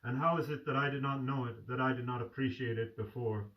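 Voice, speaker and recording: A man's voice: medium pitch, fairly even intonation, fairly quick, muffled recording, lightly acted. A man reading aloud and voicing a tender, fervent young man who is dying, speaking in a pleading way. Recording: distant mic.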